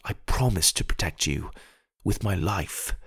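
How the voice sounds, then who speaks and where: A man voicing a young male fairy who leads his people and protects his little sister, speaking earnestly in his own lively low voice. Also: normal speed, lightly acted. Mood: tender.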